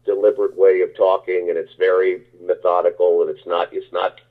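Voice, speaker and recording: A man's voice: deep voice, level tone, brisk. A man, an actor, answering interview questions in a rambling, casual way with many restarts. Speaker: actor guest. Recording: tinny phone-like line.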